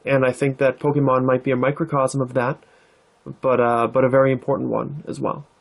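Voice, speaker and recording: A man hosting his own card-opening vlog, talking in a relaxed, thoughtful way with plenty of "uh"s and "um"s. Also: medium pitch, a little fast, vocal fry. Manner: relaxed, thoughtful, with many fillers. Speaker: card-opening channel host. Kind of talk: casual vlog narration.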